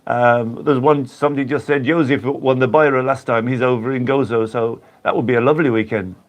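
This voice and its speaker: A man's voice: mid-range voice, fairly even intonation, brisk, hardly any pauses. An English man hosting a casual live-stream chat, greeting viewers by name and laughing often as he chats. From England. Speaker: YouTube host reading live chat.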